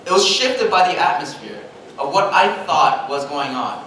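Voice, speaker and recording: A young adult male pastor telling a story in a sermon, animated and self-mocking, laughing at his own jokes. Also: fairly high pitch, normal speed, slight background noise. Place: large church sanctuary. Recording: echoey hall, mic at a distance.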